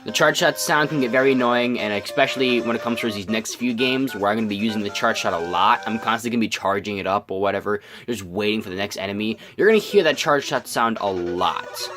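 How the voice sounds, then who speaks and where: Fresh out of bed and still scratchy-voiced, a young let's play host talks fast with few pauses in a lowish voice. His gameplay chatter is loose and rambling, full of ums and false starts, with music playing in the background.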